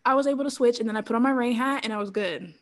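A woman in her thirties telling a personal story as an interview guest, animated, laughing often and acting out quotes. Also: fairly high pitch, rapid-fire, crowd noise. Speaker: interview guest, former pro cheerleader.

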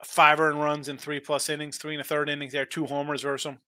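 A middle-aged man runs through his betting picks in an animated, rambling way, ribbing the teams he dislikes. His voice sits a bit high and sounds bright and forceful. It is recorded dry and close. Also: quick pace, dry recording. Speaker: sports betting show host. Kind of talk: live sports betting picks chat.

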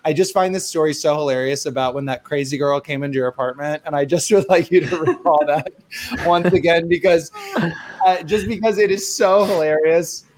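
A man's voice: a little high, a little fast, a little mellow. A man co-hosting a podcast, chatty and rambling, laughing often as he sets up a guest's story. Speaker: podcast co-host. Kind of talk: casual chat.

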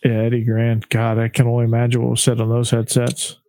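A man hosting a casual sports chat, playful and quick to laugh. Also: mid-range voice, monotone, dark tone, no room sound, low-quality recording.

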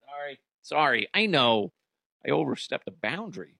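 Animated, profane male comedy host. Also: medium pitch, moderate pace, vocal fry, dry recording, clean studio sound. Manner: animated and profane, jumps into silly voices. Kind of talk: comedic news commentary.

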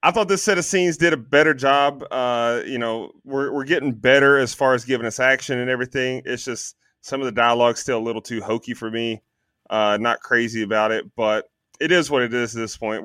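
A man co-hosting a podcast, chatting casually about a movie, animated, swearing freely and filling gaps with ums. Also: mid-range voice, brisk, dry recording, clean studio sound. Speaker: podcast co-host. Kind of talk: casual movie review chat.

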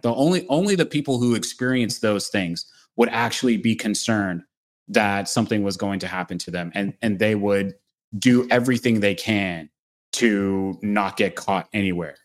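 A man speaking as a podcast guest, giving measured, analytical commentary. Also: fairly low pitch.

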